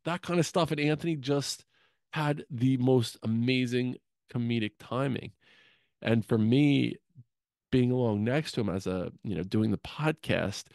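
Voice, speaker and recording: Low-voiced man telling fond stories. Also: creaky, darkish tone, no room sound, studio quality. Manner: affectionate, humorous storytelling. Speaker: podcast co-host. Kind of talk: eulogy told as personal stories. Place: podcast studio.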